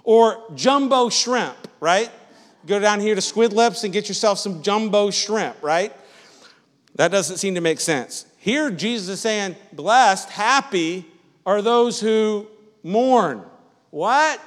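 High-voiced preacher in a reverberant hall. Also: male voice, animated, unhurried. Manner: conversational preaching, asks the congregation "Amen?"; repeats and restarts phrases. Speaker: pastor. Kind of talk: sermon. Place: church sanctuary.

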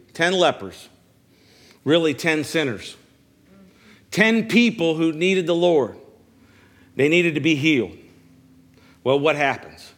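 Male pastor, fairly high voice, preaching to a congregation; repeats phrases, stammers a little on restarts. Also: fairly bright tone. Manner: preaching with call-and-response questions. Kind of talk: sermon. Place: church service.

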